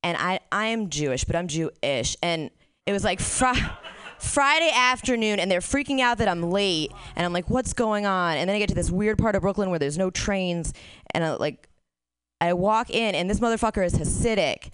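A woman's voice: lowish voice, expressive, moderate pace, fairly bright tone, clear, resonant tone. A woman doing a stand-up set, telling crude stories candidly and laughing at her own jokes. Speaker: stand-up comic.

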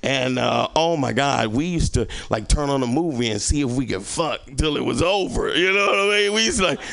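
A man's voice: mid-range voice, expressive, fairly quick, creaky, a bit bright, no echo. A male stand-up comedian doing a rambling, profane set and teasing the audience. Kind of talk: stand-up set with crowd work.

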